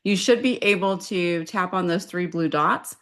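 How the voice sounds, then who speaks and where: A woman's voice: lowish voice, moderate pace. A woman co-hosting a virtual event on a video call, friendly and helpful, giving instructions and judging a game. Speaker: co-host and judge. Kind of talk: casual chat on a video call.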